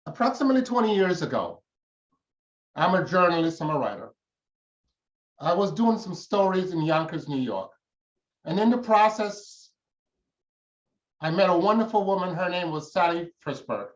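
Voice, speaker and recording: A man's voice: sits high, big pitch swings, normal speed, long pauses. A man giving a formal public talk as guest speaker, solemn and emotional, in an oratorical manner. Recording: echoey room, dull lo-fi sound.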